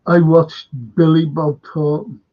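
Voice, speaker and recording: A man's voice: on the high side, flat delivery, a little slow, lo-fi sound. A man hosting a live stream, chatting in a meandering way and often dropping his voice to a near-whisper. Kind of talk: rambling casual chat. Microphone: webcam or desk mic on a live stream.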